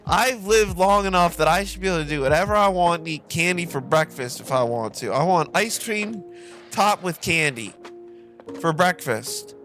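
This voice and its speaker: A man's voice: high voice, animated, normal speed, a bit bright, faint music behind. A man chatting casually while he plays a game, rambling and joking, with a lot of swearing. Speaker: streamer. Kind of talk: casual chat while gaming.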